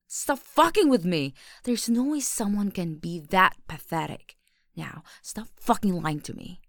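A woman's voice: mid-range voice, animated, slow pace, no echo, studio quality. A young woman in an audio role-play, talking to the listener as an aggressive, mocking, swearing bully.

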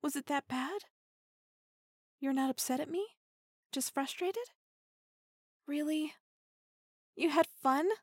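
A woman's voice: sits high, takes it slowly, pauses often, dry recording. A young woman playing a teasing, dominant female partner in an intimate audio role-play, giggling and slipping into half-whispers close to the mic.

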